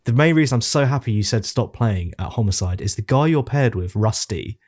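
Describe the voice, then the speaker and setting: A man co-hosting a casual game-review podcast, telling stories in an animated, exasperated way. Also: medium pitch, fairly quick. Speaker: podcast co-host. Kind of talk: casual chat.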